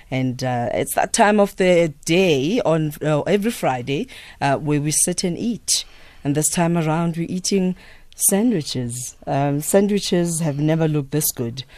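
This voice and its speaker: On a radio show, a male host chats casually in the studio, relaxed and heavy on fillers, humming as he chews. His voice sits a little high, picked up on a studio microphone in a dry recording.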